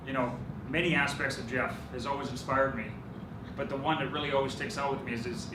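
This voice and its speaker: A man, giving a best man's wedding speech and telling jokey stories that he laughs through, turning earnest when he praises his friend. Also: mid-range voice. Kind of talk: wedding toast storytelling. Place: reception hall with guests. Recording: roomy, distant, loud room noise.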